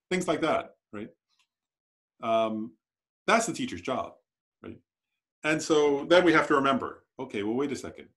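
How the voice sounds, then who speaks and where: A man's voice: medium pitch, lively intonation, brisk, pauses often, a bit bright. Chatty male Buddhist teacher. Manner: conversational, lots of "right?" and "like". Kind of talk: dharma class lecture. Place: meditation center.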